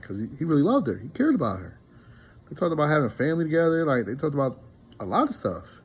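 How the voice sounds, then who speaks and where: A man's voice: a little high, very animated, quick pace, breathy edge. A man casually telling a story to his viewers, rambling and earnest, with many restarts. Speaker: relationship vlogger.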